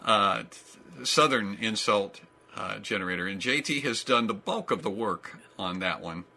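A man's voice: fairly low pitch, moderate pace, creaky, heavy background noise. A man hosting a casual comedy chat over a video call, rambling with lots of fillers. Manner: rambling, playful, many fillers. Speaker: host.

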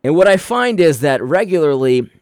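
A man's voice: fairly high pitch, very animated, moderate pace, darkish tone, smooth, no room sound, clean studio sound. A man giving a casual opinion monologue to his viewers, emphatic and explaining, often restarting and stuttering over his words. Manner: frequent restarts and stuttered repeats. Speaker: commentator.

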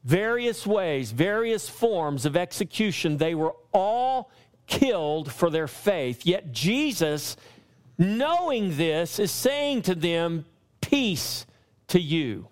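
Pastor guy preaching, kinda high voice, hammers points with repeated lines, slows down on the verses. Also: very animated, clear, resonant tone. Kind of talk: sermon.

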